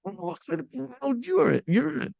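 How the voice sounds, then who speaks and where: Rabbi preaching: male, high and gravelly, animated storyteller, dry close sound. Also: normal speed, no echo, muffled recording. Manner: animated storyteller, mixing in Yiddish and Hebrew terms. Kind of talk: sermon storytelling.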